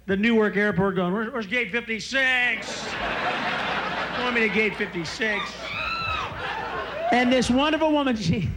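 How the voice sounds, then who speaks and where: Screaming high-voiced stand-up comedian. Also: male voice, background noise. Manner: explosive, bursts into screaming.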